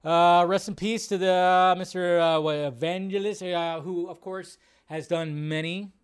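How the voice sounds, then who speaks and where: A young man hosting a casual live show, talking excitably and swearing freely as he riffs. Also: high-pitched, measured pace, smooth. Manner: excitable, profane, riffing with put-on bits. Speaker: host.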